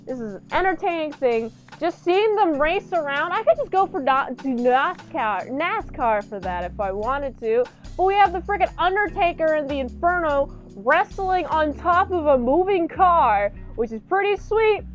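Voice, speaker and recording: A high-voiced woman reviews a movie in an energetic, jokey style. She keeps riffing with animated enthusiasm. Faint music plays behind her. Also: normal speed, hardly any pauses.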